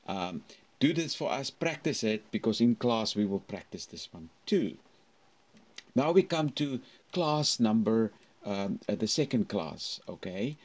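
A man who teaches at a university, giving a recorded English lesson in a slow, halting way with many fillers, and modeling how to say each phrase. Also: lowish voice, lively intonation. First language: Afrikaans. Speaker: university lecturer.

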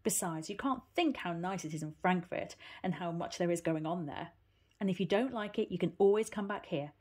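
A woman voicing an impatient aunt in a storybook reading, speaking firmly and briskly, sometimes coaxing. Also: on the low side, darkish tone, husky. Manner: snappy, firm and coaxing. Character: brisk, impatient aunt hurrying a child along.

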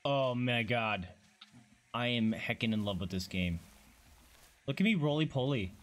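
A man streaming a video game in casual let's-play commentary, gushing and excitable, squealing and swearing as he plays. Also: medium pitch, measured pace. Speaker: gaming streamer.

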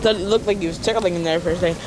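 A young man giving excited, laughing casual commentary on an amateur wrestling match, exclaiming and counting pins. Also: high voice, very fast. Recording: noisy amateur outdoor recording.

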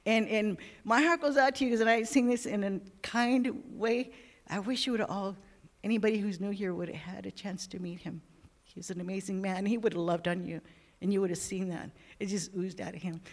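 A woman speaks at a church service, telling her story with deep feeling. Her voice sits at an ordinary pitch and wavers close to tears at times. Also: steady tone, moderate pace. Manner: emotional, tearful at times, warm storytelling. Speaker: church member giving a tribute. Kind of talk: heartfelt spoken tribute.

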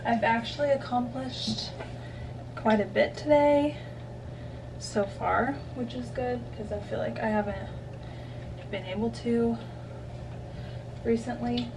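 A woman's voice: a little high, takes it slowly, long pauses, recorded from a distance, noisy background. A young woman chatting casually to the camera at home in a vlog, rambling with lots of fillers. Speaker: vlogger.

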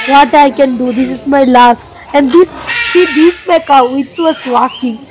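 Woman, young adult, Bangladeshi accent, Bengali native speaker, high voice, excited chatty vlogger. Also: no room sound, low-quality recording. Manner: excited, chatty, simple non-native English. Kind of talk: casual travel vlog. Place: outdoor bird enclosure at a safari park, in rain.

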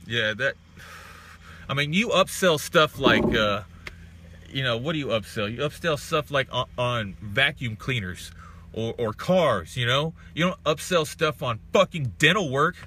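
A man's voice: mid-range voice, expressive, unhurried, sharp tone, a little hiss or hum. A young man from Texas hosting a casual live stream, greeting viewers and ranting with heavy profanity.

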